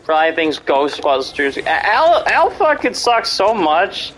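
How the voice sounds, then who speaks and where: A man's voice: high-pitched, sing-song, slow, fairly bright tone, slight background noise, rough recording. A man in casual chat, rambling and swearing a lot, with many fillers and restarts. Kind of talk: casual chat about horror movies.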